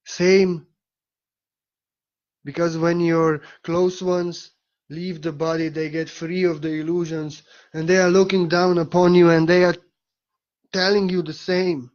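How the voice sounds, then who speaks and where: Man, spiritual speaker: very slow, soft and reflective delivery with pauses, dull lo-fi recording. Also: a little high, fairly even intonation. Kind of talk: spiritual talk.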